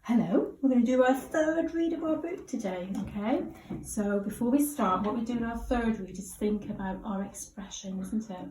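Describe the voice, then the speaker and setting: An English woman coaches a young reader through a picture book. She is warm in her praise and stretches each modelled line slowly and expressively. The room is echoey, with a faint hiss behind her. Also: fairly high pitch. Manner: encouraging, slow and expressive when modelling sentences. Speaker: primary school teacher. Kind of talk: guided reading lesson with a child. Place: school classroom. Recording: roomy classroom with faint background hiss.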